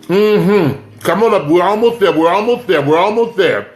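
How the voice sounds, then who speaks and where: Speaking at normal speed in an animated, high-pitched voice, a man runs a relaxed livestream from inside his home. He chats with his audience, gives viewers shout-outs by name and keeps pushing them to share the stream.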